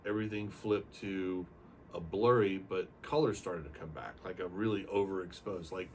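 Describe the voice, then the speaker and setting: Low-voiced older man telling his story. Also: moderate pace. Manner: rambling, animated retelling with acted-out quotes. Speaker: retired Navy aircrewman giving a testimonial. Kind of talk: casual storytelling testimonial. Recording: distant mic with faint room noise.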